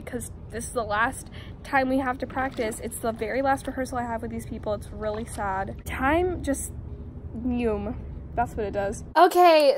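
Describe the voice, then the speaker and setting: A bubbly, chatty teenage girl talks straight to her camera in a casual vlog. Her voice sits high and bright, and steady noise hums behind her throughout. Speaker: vlogger. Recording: noisy background.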